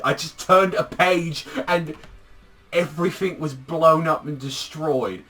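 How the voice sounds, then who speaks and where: A man casually recapping a manga chapter, rambling and excitable, swearing a lot and filling his talk with "like". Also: on the high side, unhurried, soft background music. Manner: rambling, profane, heavy use of "like", excitable. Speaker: manga reviewer.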